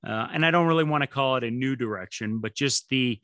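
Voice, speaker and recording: A man's voice: mid-range voice, a little fast, fairly bright tone, no echo. A man hosting a podcast, talking in an earnest, thoughtful way about coaching. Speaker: podcast host, strength coach. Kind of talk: casual podcast conversation.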